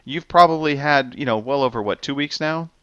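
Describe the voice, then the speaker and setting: A man's voice: a little high, fairly quick, a bit bright, clean tone, no room sound, dull audio. A man hosting a gaming podcast, leading casual chat with teasing banter. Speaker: podcast host.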